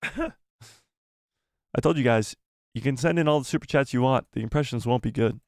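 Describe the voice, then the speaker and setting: A male live-stream host with a gravelly, fry-edged voice, chatting casually with viewers about fandom news. He rambles and jokes at his own expense, speaking close to the mic in a dry, dead room. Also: medium pitch, normal speed, darkish tone, no room sound. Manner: self-deprecating, jokey and rambling. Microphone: close desk microphone.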